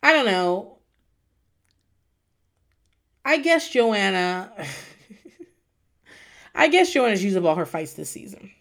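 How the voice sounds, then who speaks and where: A woman chatting through a casual recap with a voice that swoops up and down. She is animated, breaks into laughter often and swears without a second thought. Her pitch sits in a middle range. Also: slow pace, long pauses. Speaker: podcast host recapping reality TV.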